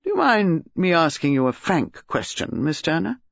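A courteous older gentleman speaks gravely and with measured politeness, as a woman reader voices him. His voice has a husky grain, and the audio is dry and slightly muffled. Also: low voice, big pitch swings, no room sound, heavily acted.

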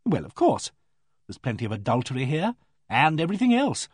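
A man's voice: fairly high pitch, wildly swooping pitch, fairly quick, breathy edge, no echo, clean studio sound, heavily acted. A man voicing a vague but blunt vicar's wife who speaks frankly and thoughtfully. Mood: musing. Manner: frank, musing, unembarrassed.

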